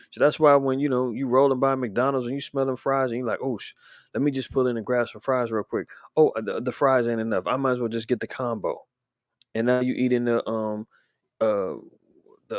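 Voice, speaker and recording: A man's voice: medium pitch, no room sound. A man hosting a casual commentary stream, talking in a loose, indignant, rambling way with many fillers and restarts. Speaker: show host commentating on current events.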